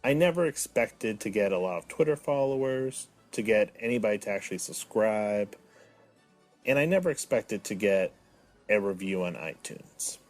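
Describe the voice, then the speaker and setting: A man's voice: on the low side, expressive, normal speed, faint music behind. A man in his thirties hosting a comedic solo podcast, talking with mock drama that swings from mopey to indignant. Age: 30s. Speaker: podcast host.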